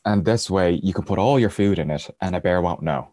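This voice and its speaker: A man's voice: deep voice, fairly quick, dark tone, no room sound, studio quality. A man, a podcast guest, telling a rambling travel anecdote in casual storytelling style and chuckling as he goes.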